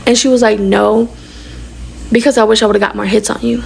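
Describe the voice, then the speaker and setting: A young woman casually telling a personal story, rapid and animated, acting out the dialogue she quotes. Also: on the high side, gravelly, husky.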